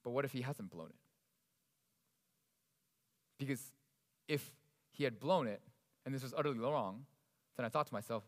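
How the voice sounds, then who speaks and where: A man preaching a sermon in an expressive, conversational way, swinging between loud emphasis and quiet asides. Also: medium pitch, normal speed, pauses often. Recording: long reverb of a large hall.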